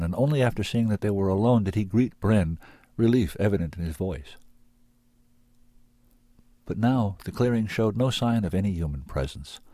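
A man narrates a story in a measured, steady read. His voice is very deep, and the recording is close and dry, with no room sound at all. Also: dry recording. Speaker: reader of submitted manuscripts.

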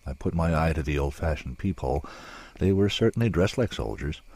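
A man narrating a story in a measured, dramatic way, with drawn-out pauses. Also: rumbling low, expressive, darkish tone, husky, dry recording.

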